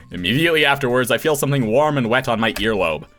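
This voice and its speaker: A man voice-acting a game playthrough, reading lines theatrically and breaking into laughs and shouts. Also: medium pitch, animated, fast, soft background music. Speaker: voice actor playing a visual novel. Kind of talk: acted game reading with reactions.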